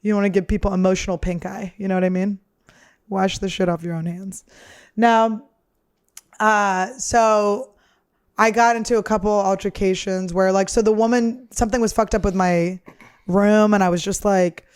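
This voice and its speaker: A woman's voice: mid-range voice, steady tone, moderate pace, darkish tone, clean tone. A woman comedian hosting her podcast, telling candid, profane stories in a rambling, casual chat. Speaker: podcast host and stand-up comedian.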